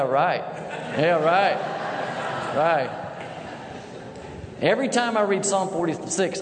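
A man in his fifties preaches a sermon, telling stories in a folksy, animated way. His voice sits a little high for a man. It rings out in a large hall with a long echo and faint room noise behind. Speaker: pastor. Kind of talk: sermon with humorous storytelling. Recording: echoey hall with faint ambience.

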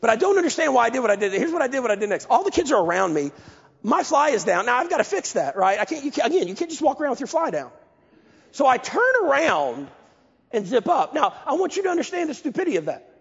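A man preaching a sermon, telling a story in a lively, self-mocking way. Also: very high voice, quick pace, gravelly, breathy edge. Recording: lo-fi, echoey hall.

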